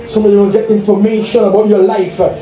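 A man's voice: sits high, level tone, quick pace, mellow, faint music behind. A man preaching an exuberant Pentecostal sermon as pastor, calling out for the congregation to respond. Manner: exuberant, calls for responses, laughs. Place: church sanctuary. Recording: echoey church room from far off, faint noise.

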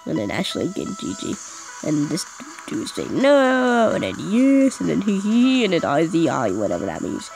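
A woman's voice: lowish voice, huge pitch swings, normal speed, gravelly, darkish tone, faint music behind. A female gamer giving casual, chatty commentary on her gameplay, teasing the game and her friend as she plays.

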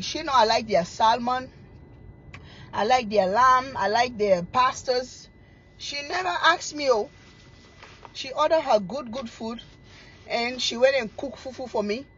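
A middle-aged woman, chatting casually to camera as a cooking vlogger, telling stories in a teasing, animated way and laughing often. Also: high-pitched, measured pace, pauses often, breathy edge, highs cut off.

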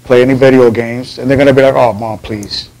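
A man's voice: medium pitch, steady tone, a little fast, a little mellow, low-quality recording. A man from the Bronx, a guest on an interview show, telling heartfelt personal stories in an earnest way. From Bronx, New York. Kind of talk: casual interview chat.

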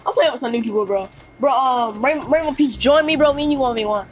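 Woman, game streamer, high voice, slangy, excitable, casual live chat, faint background noise. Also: fast talker, low-quality recording. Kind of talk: casual livestream chat while gaming.

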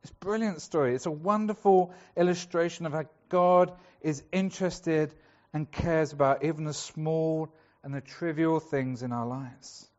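A man's voice: a little high, a little mellow, dull audio. A male pastor preaching a sermon in a chatty storytelling way, acting out the voices of the people in the story.

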